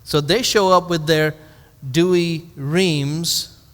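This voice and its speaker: A man's voice: a little high, fairly even intonation, slow, fairly bright tone, in a large hall. A male pastor teaching a Bible study to a live audience in a conversational way, asking rhetorical questions and adding dry humorous asides.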